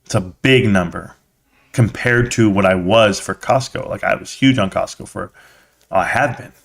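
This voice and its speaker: A man's voice: on the low side, normal speed, vocal fry. A chatty, blunt man hosting a live stream. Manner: chatty storyteller, slangy and blunt. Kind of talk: casual live stream chat.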